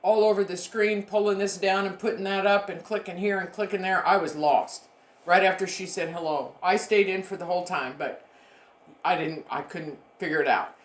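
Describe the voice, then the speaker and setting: A woman's voice: on the low side, steady tone, normal speed. Emphatic woman instructor in an echoey room. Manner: emphatic, repeats points, talks to students directly. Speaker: university education instructor. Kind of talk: recorded online lecture.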